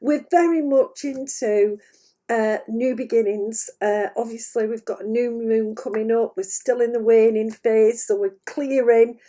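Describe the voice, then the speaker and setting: A woman's voice: fairly high pitch, fairly even intonation, a little slow, mellow. A woman hosting a live stream as an intuitive medium, talking freely to camera from a room full of her paintings, with many "uh"s and frequent laughter. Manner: chatty and meandering, many "uh"s, easily breaks into laughter. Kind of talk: unscripted spiritual talk to camera.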